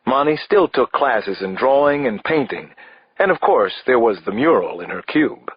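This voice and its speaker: A man narrating a first-person thriller audiobook in a measured, expressive way. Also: mid-range voice, husky, dry recording. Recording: slightly dull, dry studio audiobook.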